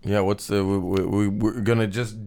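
A man's voice: on the low side, little pitch movement, moderate pace, darkish tone. A man co-hosting a podcast, a comedian chatting casually and riffing playfully on jokes in a rambling way. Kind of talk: casual jokey chat.

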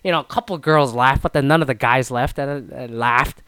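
Man from Canada, mid-pitched, smooth voice; rambling casual storyteller who swears and restarts a lot. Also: normal speed, dry recording. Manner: rambling, swears often, many restarts and fillers; mimics others in higher, louder voices.

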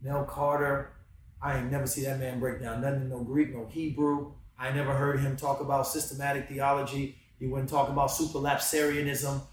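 Man, casual faith chat, hushed to fired-up preaching, says bro a lot, distant mic, very echoey room, faint noise. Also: mid-range voice, brisk. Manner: swings from hushed reflection to excited preaching; casual slang, calls listener bro.

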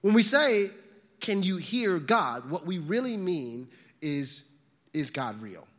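A man's voice: sits high, big pitch swings, slow pace, a bit bright. A man, a pastor, preaching a sermon in a conversational way to a congregation, often restarting words and using fillers. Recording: long reverb of a large hall.

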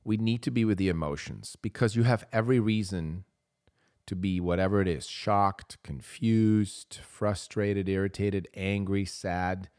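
A man's voice: fairly low pitch, unhurried, a little mellow, clear, resonant tone, no room sound, studio quality. A man hosting a podcast, speaking earnestly and emphatically to parents, repeating key phrases for weight, with hesitant fillers between thoughts. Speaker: podcast host. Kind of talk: impassioned advice monologue.

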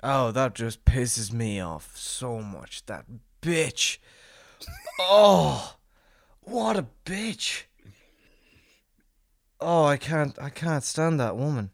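A man's voice: mid-range voice, slow pace, hardly any pauses, dry recording, clean studio sound. A man hosting a podcast, ranting profanely in casual chat. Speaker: podcast host.

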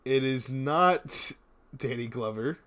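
A young man chatting casually as a podcast co-host, joking and wandering off into silly tangents. His voice sits at an ordinary middle pitch, and he laughs now and then mid-sentence. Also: slow, a bit bright. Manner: joking, rambling, laughs often. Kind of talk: casual comedic chat.

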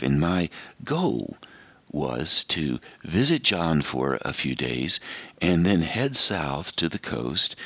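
An American man in his seventies hosts a radio show, telling a personal story in an easygoing, reflective way. His voice is very low and gravelly, with a husky edge. His pitch rises and falls freely as he talks. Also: no echo. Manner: relaxed, anecdotal monologue.

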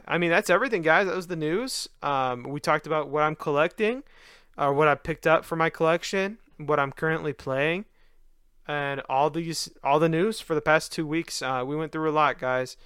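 A man's voice: fairly high pitch, moderate pace, pushed and bright, smooth, no echo, clean studio sound. A tired young man hosting a solo podcast, talking loosely with lots of fillers and restarts. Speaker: podcast host.

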